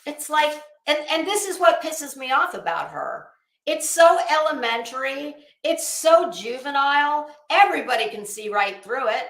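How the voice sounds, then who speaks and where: A woman's voice: sits high, expressive, normal speed, a bit bright, reverberant. A woman hosting a live commentary stream, talking in a sassy, blunt, profane way and calling people honey.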